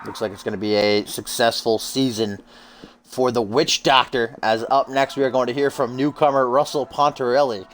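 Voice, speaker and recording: A man's voice: mid-range voice, steady tone, moderate pace, a little hiss or hum, poor audio. Joking young man calling a wrestling game. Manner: joking, profane, hype-announcer delivery. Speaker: host and play-by-play commentator. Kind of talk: casual wrestling game commentary.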